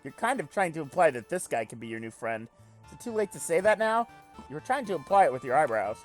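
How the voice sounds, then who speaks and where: A man playing a game on video, reading its text aloud with casual commentary, animated and swearing casually while joking at himself. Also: on the high side, fast talker, faint music behind. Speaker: let's play gamer.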